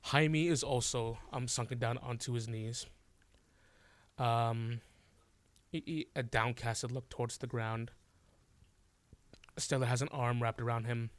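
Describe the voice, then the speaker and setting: Slow, halting game master man. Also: mid-range voice, steady tone, dry recording. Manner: halting, full of fillers and restarts. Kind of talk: narrating a tabletop game.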